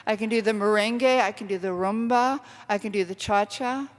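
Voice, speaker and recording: A middle-aged woman author giving an animated, self-deprecating storytelling talk to a university audience. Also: mid-range voice, brisk, long reverb tail. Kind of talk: lively storytelling lecture. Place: university lecture hall.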